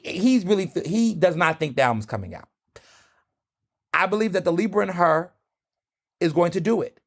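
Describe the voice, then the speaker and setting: A man hosting his own podcast, talking in an animated, gossipy way full of sassy asides. His voice sits a little high, with a gravelly edge. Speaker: podcast host. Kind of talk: casual solo podcast chat.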